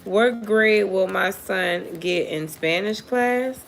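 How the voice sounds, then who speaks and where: A woman's voice: medium pitch, slow pace, vocal fry. A woman giving a casual live tarot reading for viewers, blunt and profane, often laughing as she talks. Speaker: tarot reader.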